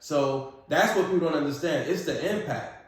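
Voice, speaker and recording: A man's voice: on the high side, moderate pace. A man co-hosting a podcast, making his points earnestly and insistently in a casual political discussion. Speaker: podcast co-host. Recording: echoey room.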